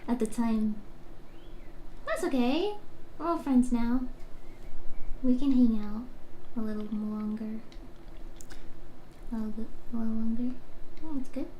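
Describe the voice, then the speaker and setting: A woman's voice: a little high, measured pace, pauses often, warm tone, a little hiss or hum. A woman streamer on a casual livestream, chiming in with short, playful remarks. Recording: echoey room, off-mic, faint ambience.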